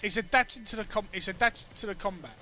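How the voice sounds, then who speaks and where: A young man with a Cockney accent, chatting excitedly to his stream chat while he plays. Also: high voice, fairly quick, faint music behind. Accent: London Cockney. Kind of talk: casual let's play commentary.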